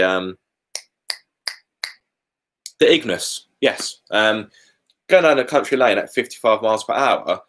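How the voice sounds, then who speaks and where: A man's voice: lowish voice, fairly bright tone. A British man hosting a casual live Q&A from home, chatty and candid with colourful asides. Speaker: car YouTuber hosting a live Q&A.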